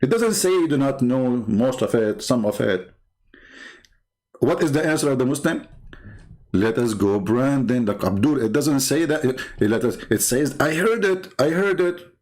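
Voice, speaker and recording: A man's voice: mid-range voice, animated, moderate pace, a little mellow. A man hosting a commentary video, talking in a mocking monologue, laughing often and repeating phrases. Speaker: commentary host.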